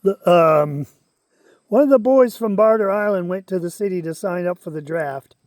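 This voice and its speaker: A man with a Maine accent giving a casual, musing explanation of local speech, pausing to think between points. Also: high voice, a little mellow, no room sound. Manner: unhurried, musing, pauses to think. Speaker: channel host.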